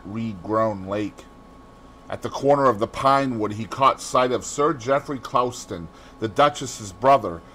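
A man reading a classic novel aloud as an audiobook narrator, in an expressive, measured storytelling manner. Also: on the low side, a little hiss or hum.

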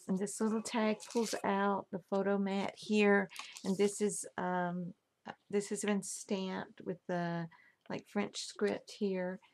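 In a casual craft show-and-tell, a woman shows off a handmade album she made, gushing over and admiring every detail. Her mid-range voice has vocal fry, and there is a little hiss or hum in the recording.

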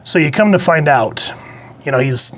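A man's voice: on the high side, animated, moderate pace, fairly bright tone. A man giving a casual spoken comic book review, chatty and digressive, blunt, with casual swearing.

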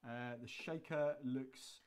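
A woman's voice: a bass voice, fairly even intonation, slow, darkish tone, smooth. A woman hosting a live cocktail show, chatting and joking easily and laughing often. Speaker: host and cocktail instructor. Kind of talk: casual live-stream chat.

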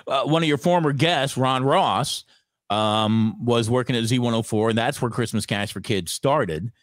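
A middle-aged broadcaster recalls his radio days, jumping between his own telling and lively impressions of others. His pitch sits in an ordinary middle range, and the sound is close and dry with no room around it. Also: moderate pace, no room sound. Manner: animated, acts out quoted dialogue. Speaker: radio personality, guest. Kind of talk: conversational storytelling.

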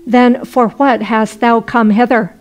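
A woman's voice: on the high side, fairly even intonation, measured pace, natural voice. A woman reading as whining innkeepers.

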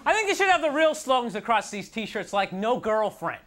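A man's voice: high voice, sing-song, a little fast, hardly any pauses. A young man doing a stand-up set on a TV studio stage, ranting in a frustrated, self-mocking way, full of "like" and "you know". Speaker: stand-up comedian. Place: TV studio stage before a live audience. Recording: 1990s TV broadcast, audience laughter and noise. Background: audience laughter.

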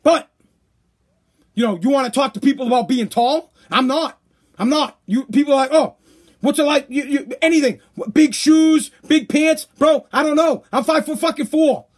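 High-voiced man ranting on a podcast. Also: normal speed. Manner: ranting, profane, sarcastic. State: tired, voice worn out. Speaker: podcast host. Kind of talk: casual profane monologue.

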